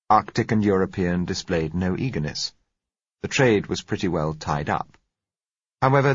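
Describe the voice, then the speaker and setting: A man narrating a novel in a measured, even storytelling manner, in a dull lo-fi recording. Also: deep voice, slightly rough, no room sound. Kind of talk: audiobook narration.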